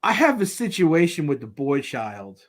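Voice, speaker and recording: A man in his thirties co-hosting a casual podcast, telling family stories in an animated way and laughing through them. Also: a little high, normal speed. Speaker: podcast co-host. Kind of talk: casual chat.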